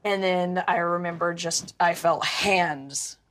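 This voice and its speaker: A woman telling a personal story in casual conversation, emotional and animated, often stumbling and restarting her sentences. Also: lowish voice, slow.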